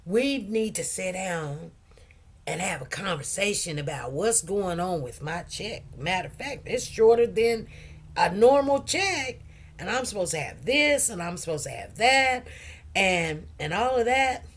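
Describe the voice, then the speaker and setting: A woman's voice: mid-range voice, a little slow, a little hiss or hum. A woman telling a story in casual chat, laughing often and acting out what others said. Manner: animated, laughing, quotes others in changing voices. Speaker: host.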